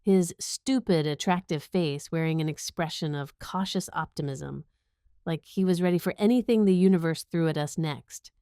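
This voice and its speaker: A woman's voice: deep voice, moderate pace, dark tone, clear, resonant tone, no echo, clean studio sound. A young woman narrating a romantic comedy audiobook in first person, wry and sarcastic.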